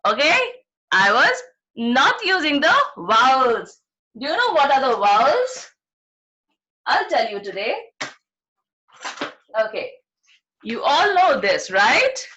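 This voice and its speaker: A woman's voice: sits high, very animated, slow pace, pauses often, pushed and bright. A woman teacher with an Indian accent, giving an online phonics class to young children over a video call and checking understanding with "right?". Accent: Indian English. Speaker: primary school teacher.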